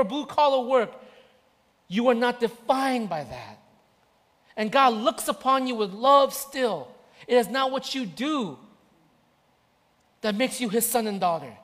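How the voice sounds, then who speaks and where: Pastor guy preaching, kinda high voice, passionate and repeating himself, big church echo. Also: fairly bright tone. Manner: impassioned, repetitive preaching. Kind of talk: sermon. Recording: church hall reverb.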